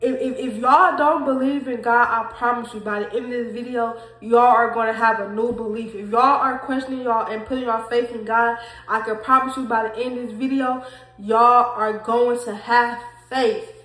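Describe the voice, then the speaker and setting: A young woman tells her testimony in a casual vlog, speaking straight to her viewers, emotional and repeating her points. Her voice sits a bit high, and the room around her rings with echo. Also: fairly even intonation, normal speed, a bit bright. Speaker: vlogger sharing a faith testimony. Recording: echoey room.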